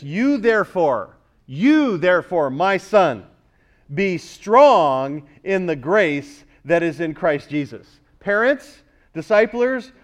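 A man, a pastor, preaching a sermon, rising louder on key words and questioning the congregation. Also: on the high side.

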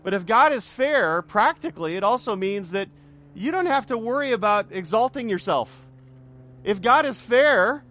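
A man's voice: sits high, a bit bright. A middle-aged male pastor preaching a sermon, with emphatic repetition, joking asides and call-and-response with his congregation.

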